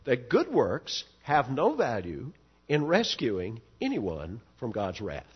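A man's voice: mid-range voice, huge pitch swings, slow, husky, muffled recording. A male pastor preaching an expository sermon, earnest and emphatic, pushing up on key words to stress them.

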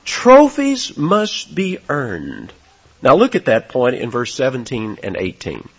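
A preacher works through scripture with a lively voice that climbs high and sinks low. His tone is slightly husky and a little high for a man. The recording sounds dull and lo-fi. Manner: emphatic, swings between loud and soft for stress. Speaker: pastor. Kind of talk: expository sermon.

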